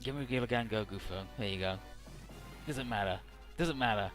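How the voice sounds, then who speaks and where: A man's voice: on the low side, moderate pace, fairly bright tone. A man giving casual, irreverent let's play commentary, swearing and stumbling over odd names. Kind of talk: casual game commentary, reading dialogue aloud. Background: faint game music.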